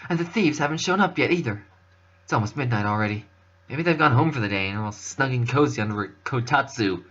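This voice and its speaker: A man's voice: mid-range voice, lively intonation, fast, fairly bright tone, lo-fi sound. A man voicing a cheerful young woman student who chats in an upbeat way. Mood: chatty. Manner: chatty, upbeat.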